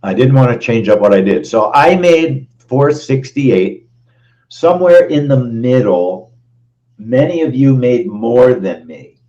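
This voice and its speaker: Slow, emphatic male trading host. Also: medium pitch, highs cut off. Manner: emphatic, repeats his phrases, animated. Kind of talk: live-stream trade recap.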